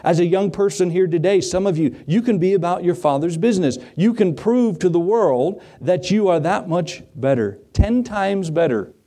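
A middle-aged male pastor preaching a sermon in a voice pitched a little high but mellow and dark in tone. He asks the congregation questions and briefly acts out the voices of the people in his stories. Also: animated, normal speed, few pauses. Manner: dramatic voices for quoted figures, rhetorical questions to the congregation.

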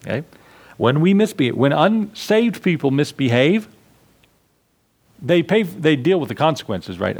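A man preaching a sermon to his congregation in a conversational way, acting out little scenes with asides. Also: on the high side. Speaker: pastor.

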